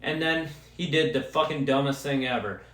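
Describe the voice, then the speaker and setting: A young man hosting a podcast, ranting casually and profanely as an excitable sports fan. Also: medium pitch, moderate pace, roomy sound. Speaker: podcast host. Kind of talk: casual solo rant.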